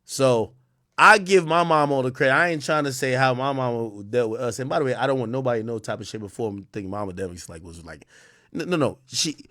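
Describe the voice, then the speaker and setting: A young man ranting on a livestream, animated and profane, with frequent restarts. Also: medium pitch, fast, dry recording, clean studio sound. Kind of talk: casual livestream rant.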